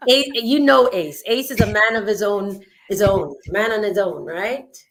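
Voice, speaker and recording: A woman guest poet who recites her poem in a dramatic spoken-word style with big swings in loudness, then chats loosely with plenty of fillers. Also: mid-range voice, a little slow, heavy background noise. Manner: chatty, loose and full of fillers when talking. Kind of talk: spoken-word poetry and casual chat.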